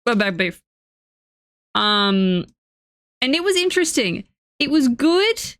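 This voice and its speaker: A woman's voice: fairly high pitch, sing-song, slow, long pauses, a bit bright, no echo, studio quality. A young woman from Australia with an Australian accent that is starting to blend with a Canadian one, chatting casually and swearing freely while she streams a game. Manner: chatty, swearing, self-mocking storytelling.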